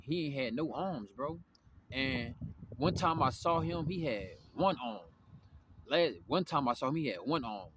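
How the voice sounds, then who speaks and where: A young man tells a long story in loose, profane street slang, often circling back and restarting his sentences. His voice sits a little high for a man. Steady background noise runs underneath the recording. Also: measured pace. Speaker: vlogger. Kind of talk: casual storytelling monologue. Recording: noisy background.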